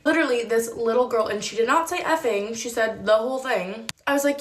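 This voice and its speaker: A woman's voice: on the high side, a little fast, hardly any pauses, slight background noise. A woman tells a storytime vlog about her old store job, chatty and full of "like" fillers. She acts out the voices of the people she quotes. The sound is roomy and echoey. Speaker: former beauty store employee.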